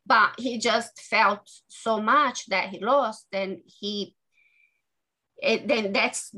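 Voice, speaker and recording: A woman author talking earnestly as an interview guest, halting and restarting her sentences often. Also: mid-range voice, pushed and bright, low-quality recording. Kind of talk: podcast interview conversation.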